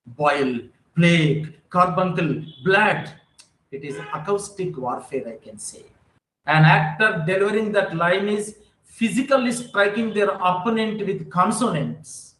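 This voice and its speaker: Man, higher voice, conference lecturer, emphatic and rhetorical, echoey hall sound. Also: expressive, moderate pace, a bit bright. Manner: emphatic, rhetorical, addresses audience directly. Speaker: conference speaker. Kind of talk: academic lecture.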